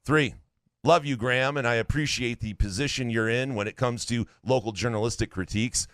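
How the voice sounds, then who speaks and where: A man's voice: medium pitch, a little fast, a bit bright, no echo. A man co-hosting a casual sports podcast, reading listener takes in a blunt, profane way. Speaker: podcast co-host.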